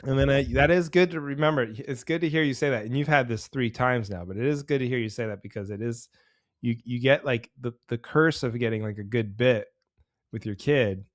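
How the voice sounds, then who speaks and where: A man in mid-range pitch, talking loosely and jokily as a podcast co-host. His stories ramble and pick up speed when he warms to them. The sound is close and dry, with no room echo. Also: brisk. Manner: rambling, jokey storyteller who speeds up when excited. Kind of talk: casual chat.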